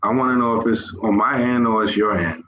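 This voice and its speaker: Casting: male host, mid pitch, roomy dull call audio with faint noise. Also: fairly even intonation, fairly quick, bright, forceful tone. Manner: joking, conversational. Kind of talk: casual talk show. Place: Gambia. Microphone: video call.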